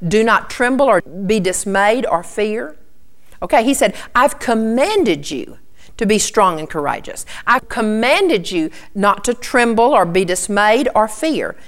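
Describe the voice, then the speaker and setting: A woman's voice: mid-range voice, expressive, a little slow. A middle-aged woman preaching a sermon, earnestly teaching and quoting scripture to her listeners. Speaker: Bible teacher.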